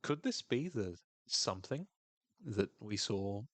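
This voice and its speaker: A man's voice: fairly low pitch, big pitch swings, measured pace, dry recording. Dry-humored male podcast host. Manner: dry, wry humor, reads quotes in a voice. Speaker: podcast co-host recapping a TV episode. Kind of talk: casual podcast recap.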